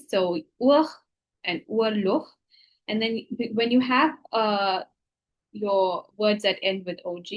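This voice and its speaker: A woman's voice: mid-range voice, rough recording. A woman teacher patiently explaining grammar rules, stopping often to check that the students are following. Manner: patient, repeats "okay?" to check understanding.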